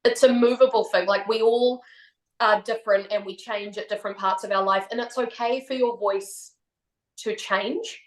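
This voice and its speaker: A woman's voice: medium pitch, steady tone, moderate pace. A woman in her thirties with a New Zealand accent, a podcast guest talking candidly and reflectively, laughing often. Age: 30s. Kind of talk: casual chat. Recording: roomy echo.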